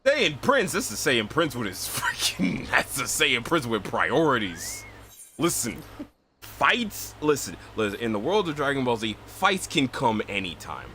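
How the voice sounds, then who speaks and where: Excitable streamer guy, lively voice. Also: mid-range voice, a little slow, a little hiss or hum. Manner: excitable, retells scenes with big shouted voices. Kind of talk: casual chat.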